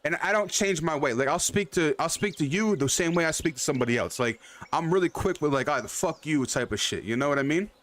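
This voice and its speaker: Young guy streamer, kinda high voice, rambles and swears a lot, greets chat by name. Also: lively intonation, fast, few pauses, fairly bright tone. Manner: loose, rambling, swears freely, repeats himself; addresses viewers by name. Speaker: livestream host. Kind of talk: casual chat with live chat.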